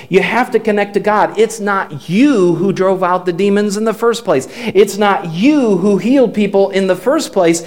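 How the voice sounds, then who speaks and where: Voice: mid-range voice, a little mellow. A pastor preaching a sermon to a congregation, building emphasis through repeated phrases that rise and fall. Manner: emphatic, repetitive preaching with rises and falls.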